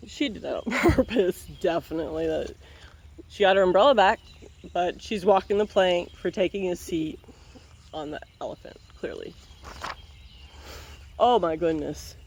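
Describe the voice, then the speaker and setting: A woman's voice: lowish voice, animated, normal speed, long pauses, darkish tone, husky. A woman reading a picture book aloud, breaking off for playful, wry running commentary.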